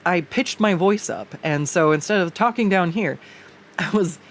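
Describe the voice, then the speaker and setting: While sketching on her stream, a woman with a lowish voice rambles casually at normal speed, using lots of fillers and restarts and swearing once in a while. She's recorded at home through a desktop USB condenser mic.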